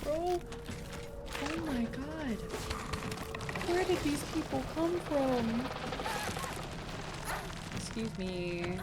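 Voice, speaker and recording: A woman's voice: high voice, expressive, extremely slow, pauses often. A woman streaming a video game, chatting casually and bursting into panicked repeated exclamations. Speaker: gaming streamer. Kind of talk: casual live-stream commentary. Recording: game music playing under voice. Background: video game music.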